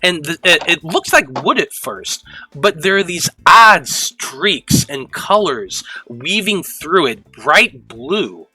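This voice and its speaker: Halting, bright-voiced man running a game. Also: a little high, very animated, husky, no room sound, soft background music, rough recording. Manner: rambling, halting restarts. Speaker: game master. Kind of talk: narrating a tabletop game.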